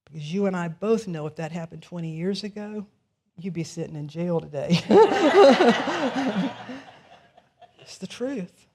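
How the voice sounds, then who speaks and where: A woman's voice: on the low side, moderate pace, very noisy. Conversational woman minister preaching. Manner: conversational storytelling. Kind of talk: sermon. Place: church sanctuary.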